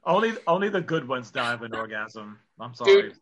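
A man's voice: medium pitch, big pitch swings, a little fast. A man in a casual podcast chat, joking crudely and acting out voices in his stories. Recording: dull, lo-fi mic sound.

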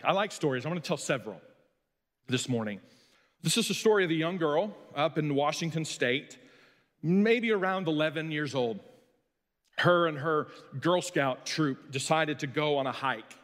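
A man's voice: on the high side, a bit bright. A middle-aged man, a pastor and coach, preaching a sermon in a folksy, storytelling, self-deprecating way. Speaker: pastor and high school coach. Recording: long hall reverb.

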